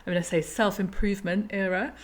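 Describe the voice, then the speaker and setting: A woman in her thirties hosting a conversation, thoughtful and quick to laugh. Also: medium pitch, steady tone. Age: 30s. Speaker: podcast host. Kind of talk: reflective conversation.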